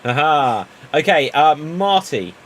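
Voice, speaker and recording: A man hosting an improv comedy show, briskly calling on players one after another. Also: fairly high pitch, big pitch swings, a bit bright, slight background noise. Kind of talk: live improv game hosting.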